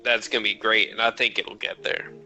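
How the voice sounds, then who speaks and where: A man's voice: lowish voice, flat delivery, brisk, pushed and bright, soft background music. A young man co-hosting a podcast, laid-back and hedging as he trails off mid-thought. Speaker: podcast co-host. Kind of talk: casual chat.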